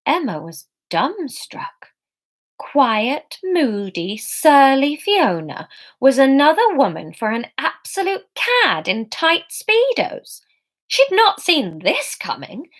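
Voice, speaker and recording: A woman's voice: a little high, sing-song, normal speed. A woman reading her own comic novel aloud, breaking off for playful, chatty asides.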